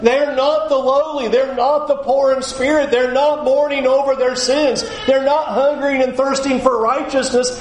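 A male pastor preaching a sermon in a lively, animated way, often slipping into acted quotes. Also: very high-pitched, normal speed, hardly any pauses, roomy sound.

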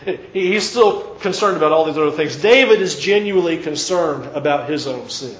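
Earnest pastor guy preaching, kinda high voice, roomy echo, muffled sound. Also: expressive. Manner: earnest, emphatic, pauses mid-phrase and restarts. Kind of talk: sermon. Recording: echoey, dull church recording with faint hiss.

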